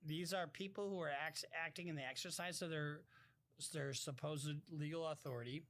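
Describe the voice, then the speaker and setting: A man with a somewhat high voice doing casual live-stream commentary, reacting to viewer messages as they come in. He talks bluntly, curses freely, and his sentences keep breaking off and starting over. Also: fairly even intonation, normal speed, fairly bright tone. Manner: blunt, swears freely, talks in fits and restarts.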